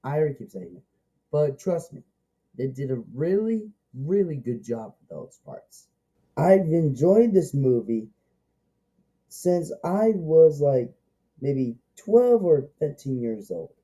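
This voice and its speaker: A man reviewing a movie in a loose, unscripted way, circling back to the same points and repeating himself. He talks slowly, and his voice is slightly high in pitch yet very dark and mellow in tone. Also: sing-song, slightly rough, rough recording. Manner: rambling and repetitive, eager, many restarts. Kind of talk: casual spoken movie review.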